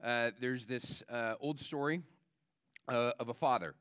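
A man preaching a children's sermon as pastor, telling stories in a lively, chatty way with many fillers. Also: medium pitch, measured pace, clear, resonant tone, dry recording, studio quality. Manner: animated storytelling, many fillers.

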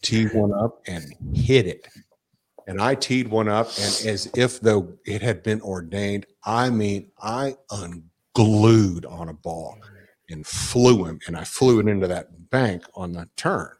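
A man telling a story in casual chat, animated, swearing and acting out quotes. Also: on the low side, a little slow. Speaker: guest storyteller.

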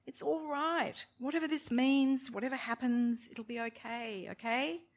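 A woman's voice: medium pitch, measured pace, fairly bright tone. A woman reading a novel aloud, voicing a pregnant young wife who speaks with a scornful, exasperated edge. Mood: reassuring.

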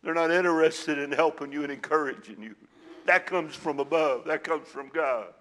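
A man preaching a sermon as pastor, dropping to a hush and then rising to loud, fervent peaks. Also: on the high side, moderate pace. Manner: swings from hushed to loud and fervent.

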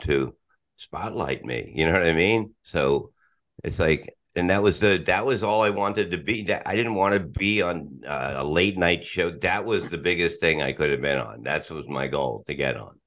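A man's voice: low-pitched, normal speed, fairly bright tone. A middle-aged man chatting casually as a podcast guest, rambling and swearing, restarting sentences and laughing often.

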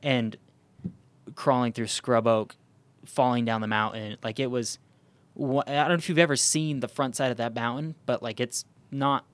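A man's voice: mid-range voice, fairly even intonation, normal speed, no room sound. A man hosting a podcast, telling a hiking story in casual chat, with lots of "um" and "like" and frequent restarts. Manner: rambling, many fillers and restarts. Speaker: podcast host.

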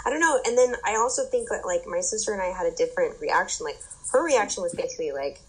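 A young adult woman telling an animated story in casual chat, with lots of fillers and swearing. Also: on the low side, quick pace, hardly any pauses, husky, poor audio.

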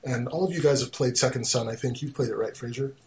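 A man at a mid-range pitch hosts a relaxed gaming podcast. He is chatty, moves the talk along briskly and reads out news items between questions for his co-hosts. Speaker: podcast host. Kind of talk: casual gaming podcast chat.

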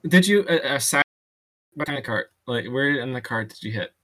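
A man's voice: mid-range voice, expressive, normal speed, fairly bright tone. A man narrating as dungeon master in a loose, chatty way, often laughing between descriptions. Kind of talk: narrating a tabletop game.

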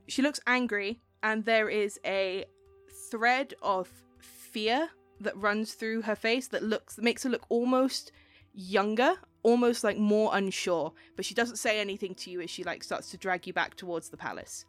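A woman narrating a tabletop game as game master, chatty, with many fillers and quick laughs. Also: mid-range voice, soft background music.

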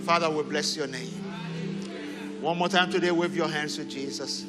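A man pastor leading prayer and having the congregation repeat declarations after him, rising to fervent shouts. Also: on the high side, moderate pace. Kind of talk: sermon and prayer. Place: large church hall. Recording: echoing hall with music.

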